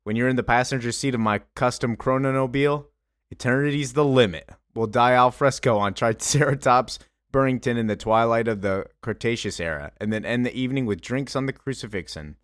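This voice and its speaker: A man's voice: mid-range voice, fairly quick, a bit bright, clean tone, no echo, studio quality. A man casually retelling a comic book story, rambling with lots of fillers. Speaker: comic book recap host.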